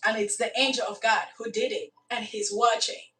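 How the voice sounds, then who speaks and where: Animated woman telling a story, echoey. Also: fairly high pitch, normal speed. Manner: animated, dramatic retelling with asides. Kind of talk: casual spoken storytelling. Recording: echoey room, from far off.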